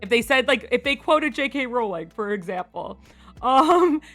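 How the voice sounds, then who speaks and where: A woman streamer chatting casually on a live stream, frank and quick to laugh, swearing freely. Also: a little high, lively intonation, fairly bright tone, soft background music.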